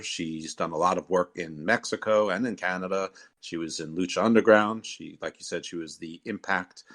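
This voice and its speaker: Podcast host, male, low register, loose rambling delivery with fillers. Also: a bit bright. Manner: rambling, many fillers and restarts. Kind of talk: casual wrestling podcast chat.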